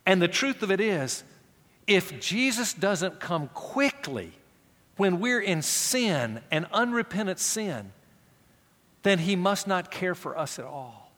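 Speaking slowly in a large hall, a middle-aged pastor gives a sermon in a male voice. Animated, raised passages give way to hushed, low emphasis, and he voices quoted speakers in conversational asides.

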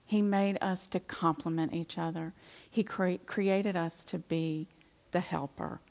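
Speaking at a measured pace in a low, creaky, darkish voice with fairly even intonation, a middle-aged woman shares her Christian testimony with a female audience. She animates the story and acts out the indignation she used to feel.

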